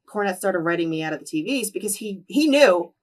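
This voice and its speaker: A woman in her twenties as an interview guest, telling candid stories with lively quoted voices and frequent swearing. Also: medium pitch, brisk, recorded from a distance. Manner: animated, acts out quoted voices, swears freely. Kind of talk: candid storytelling in a shoot interview.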